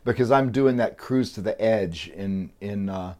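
A man's voice: fairly low pitch, unhurried, a little mellow. Hesitant man in casual chat. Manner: hesitant, trailing off, self-deprecating. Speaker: podcast co-host, musician.

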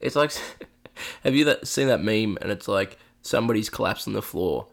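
Gravelly low-voiced man telling stories. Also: lively intonation, normal speed. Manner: swears freely, tells anecdotes with quoted voices. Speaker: podcast co-host. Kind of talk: casual chat.

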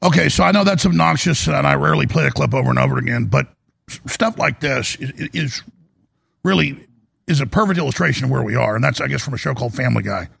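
Male broadcast host, very gravelly, husky tone, rambling monologue with restarts and emphatic bursts. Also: mid-range voice, fast talker, fairly bright tone, no echo. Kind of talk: monologue commentary. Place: broadcast studio.

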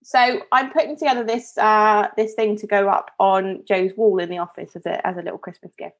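A podcast co-host, this woman chats through a story, rambling, self-interrupting, and frequently laughing. Her mid-range voice is steady in tone and fairly quick.

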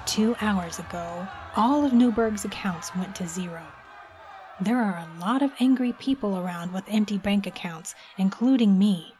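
A woman's voice: mid-range voice, moderate pace, mellow, soft background music, natural voice. A woman voicing a firm, questioning male police officer. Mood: suspicious. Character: stern male police sergeant, gruff and probing.

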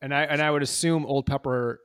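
A man's voice: medium pitch, steady tone, a little fast, a bit bright, smooth. A man co-hosting a podcast in casual chat, laid-back and rambling with lots of fillers. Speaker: podcast co-host.

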